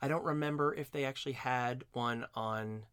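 Animated male storyteller host. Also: normal speed, smooth, no echo, studio quality. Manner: animated storyteller, rises in pitch when excited. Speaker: host, barbershop singer. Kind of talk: conversational interview.

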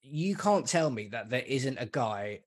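A man's voice: medium pitch, lively intonation, unhurried. A man, a podcast guest, chatting casually about football and swearing freely. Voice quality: swears freely, calls listener mate and man. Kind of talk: casual chat.

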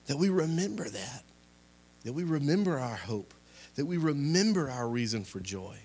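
Young male preacher, mid-pitched, fervent sermon delivery with surges and hushes. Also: very animated, moderate pace, slightly rough. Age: young adult. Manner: impassioned, rising and falling in volume, repetitive exhortations. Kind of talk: sermon with closing prayer.

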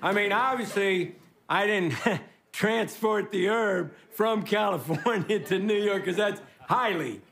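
Slow, high-voiced man doing a monologue. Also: vocal fry. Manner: rambling, self-mocking, often laughing. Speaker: comedic monologue performer. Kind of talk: stand-up style monologue before a live audience. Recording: archive clip with loud audience and noise. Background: audience laughter.

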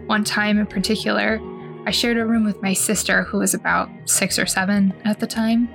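A woman's voice: mid-range voice, flat delivery, moderate pace, gravelly, music in the background. Giggly, chatty female podcast host. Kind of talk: casual chat and reading stories aloud.

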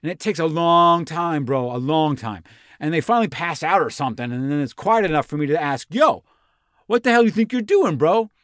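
A man's voice: on the high side, expressive, fairly quick, fairly bright tone, no room sound, studio quality. A man doing a breathless bro-talking Roman envoy. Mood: breathless, excited. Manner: breathless, rambling surfer-bro slang, swearing. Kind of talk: comic reenactment in a podcast.

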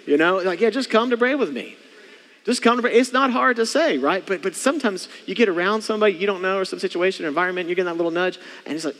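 Guy preaching, bit high voice, punchy, long echo from the church hall. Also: lively intonation, quick pace, a bit bright. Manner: preachy, emphatic, with call-and-response. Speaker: pastor. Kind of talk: sermon. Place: church sanctuary.

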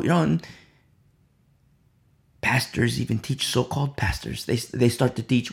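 Lively, gravelly male preacher. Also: fairly high pitch, normal speed, pauses often. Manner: repeats key phrases and asks "You see?"; swings between loud emphasis and quiet asides. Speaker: Bible teacher. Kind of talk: sermon.

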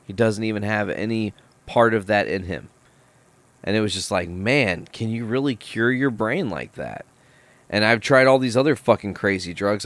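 Man, low voice, dry close sound, casual podcast host, swears a lot, animated storyteller. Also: no room sound.

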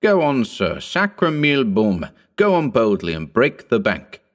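A man voicing a boisterous old French ex-soldier with a hoarse voice and an effusive, exclaiming manner. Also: mid-range voice, huge pitch swings, measured pace.

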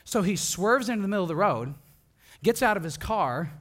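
Animated young male preacher telling stories. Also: high voice, a little fast. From Wisconsin, US. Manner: animated, laughing, acts out voices of people in his stories. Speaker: pastor. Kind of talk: sermon with storytelling.

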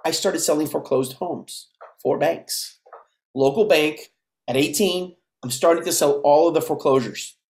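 A man in his fifties from the United States, a podcast guest telling his life story in a lively way and acting out the voices of the people in it. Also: a little high, normal speed. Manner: animated storyteller who acts out dialogue. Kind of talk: casual storytelling interview. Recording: roomy echo.

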